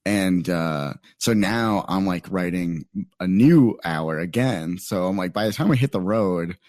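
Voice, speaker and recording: A man's voice: low voice, unhurried, a little mellow, dry recording, clean studio sound. A young adult man from Phoenix, a stand-up comedian telling a story in casual chat, rambling with many fillers. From Phoenix, Arizona. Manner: rambling, lots of "like" fillers and quoted asides.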